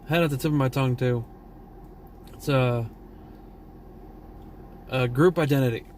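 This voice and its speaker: A man's voice: medium pitch, normal speed, darkish tone, a little hiss or hum. A tired man from Texas with a Southern drawl, vlogging a blunt, profane, rambling rant. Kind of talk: casual opinion rant.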